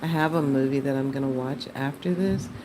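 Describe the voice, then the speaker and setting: A woman's voice: extremely low pitch, fairly even intonation, a little fast, noisy background. A woman chatting casually with her livestream chat while she draws, laughing often. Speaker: art livestreamer.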